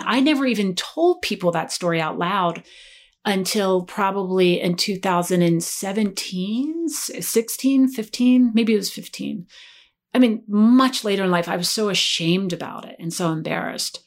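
As a guest on a podcast, this woman, a life coach by profession, tells a personal story with earnest reflection, going quiet at its tender moments. Her voice is medium in pitch and her speed is normal.

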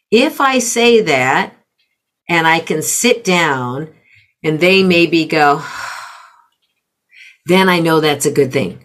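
A middle-aged woman coaching parents in conversation, calmly explaining with example phrases. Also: lowish voice, slow pace, pauses often. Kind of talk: conversational teaching.

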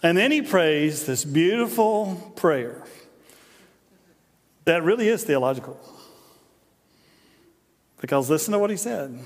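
A middle-aged pastor with a fairly high, lively voice preaches a sermon at a measured pace with long pauses. He tells stories conversationally and jokingly, often repeating "and, and." Long hall reverb fills the church sanctuary.

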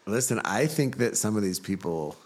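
Relaxed low-voiced male podcast host. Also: normal speed. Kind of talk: casual chat.

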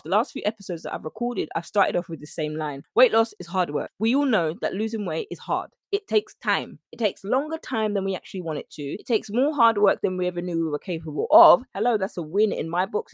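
Brief: woman, solo podcast host, lively pitch swings, dry close sound. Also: dry recording. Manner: chatty, animated, rambling with asides. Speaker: podcast host, nutrition coach.

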